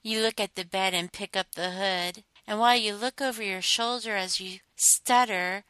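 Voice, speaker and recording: Slow, teasing woman narrator, bright voice. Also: mid-range voice, smooth, no echo. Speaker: adult audio narrator. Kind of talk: second-person role-play narration.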